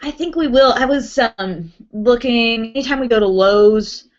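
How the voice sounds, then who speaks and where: A chatty young woman hosts a live beauty stream from home, her fairly high voice bubbling with giggles as she greets viewers. The audio is muffled and lo-fi, like a webcam mic. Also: moderate pace. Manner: chatty, giggly, reacts brightly to viewer names. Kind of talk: casual live-stream chat, reading viewer comments.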